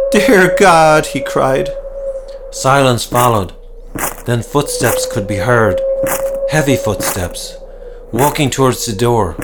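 A man's voice: medium pitch, very noisy. A man narrating a comic horror tale in a wry, dramatic way. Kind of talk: storytelling narration.

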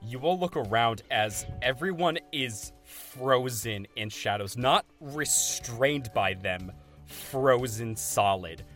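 A man narrating as game master of a tabletop role-playing game, slow and halting with many fillers. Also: mid-range voice, lively intonation, fairly bright tone, soft background music.

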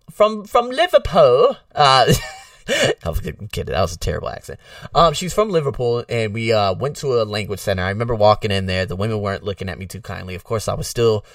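A man's voice: mid-range voice, no room sound, studio quality, recorded from a distance. A man from the United States, a podcast host, talking in a casual, rambling way with lots of fillers. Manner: rambling, filler-heavy, animated.

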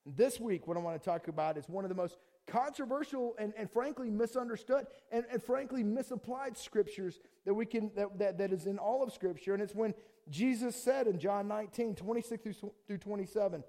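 Man, pastor, high voice, casual animated sermon delivery. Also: brisk.

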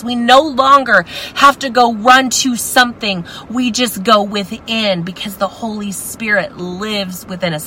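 A woman's voice: medium pitch, bright, forceful tone, slight background noise, rough recording. A woman teaching a women's Bible study, passionate and exclamatory.

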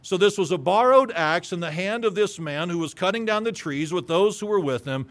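A man's voice: high-pitched, lively intonation, a little fast, a bit bright. A man preaching a sermon, reading scripture aloud and retelling it with emphatic storytelling.

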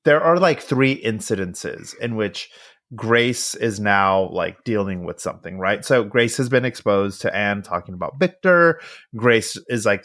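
A man co-hosting a podcast, casually recapping a film in animated bursts and acting out the characters' lines with plenty of swearing. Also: on the low side, unhurried. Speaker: podcast co-host.

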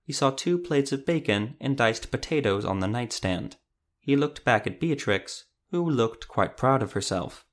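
A man's voice: mid-range voice, animated, measured pace. A man narrating a fantasy story. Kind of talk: scripted fantasy audiobook narration.

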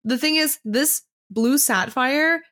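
A woman co-hosting a podcast, excitedly recapping a novel in casual chat and swearing casually along the way. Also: high voice, slow. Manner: animated, excitable storyteller who swears casually. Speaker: podcast co-host.

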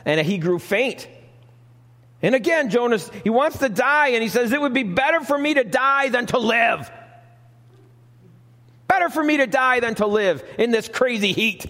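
A man's voice: high-pitched, big-room sound. A man preaching a sermon as pastor, emphatic, reading scripture and asking the congregation questions, recorded live in a church sanctuary.

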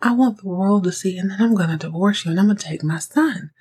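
A woman's voice: medium pitch, fast, a little mellow, husky. A woman voicing a defiant wife who threatens divorce, speaking bluntly in slang.

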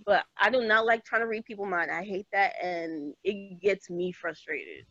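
A woman's voice: medium pitch, moderate pace, no room sound, muffled recording. A woman on a podcast panel chatting casually, acting out little exchanges as she talks. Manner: animated storyteller, acts out quoted exchanges. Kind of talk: casual chat.

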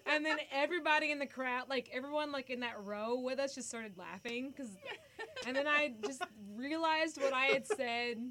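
An animated young woman storyteller, chatty and expressive. She shifts between quick asides and loud bursts as she relives the moment. A faint background hiss sits under her voice. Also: sits high. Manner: animated, breaks into loud screams when acting out the story. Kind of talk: casual storytelling.

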